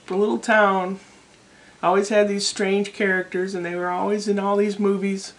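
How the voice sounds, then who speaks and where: A woman's voice: medium pitch, level tone, normal speed. Chatty, rambling middle-aged woman vlogger. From United States. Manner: chatty and digressive, with self-deprecating asides. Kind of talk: casual rambling vlog monologue. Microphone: camera microphone.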